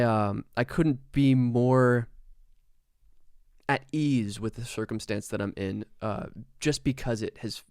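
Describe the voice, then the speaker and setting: Man, musician guest, casual podcast storytelling, animated, swearing, smooth crisp voice, dry studio sound. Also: mid-range voice, no echo. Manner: animated, swearing, acts out quotes.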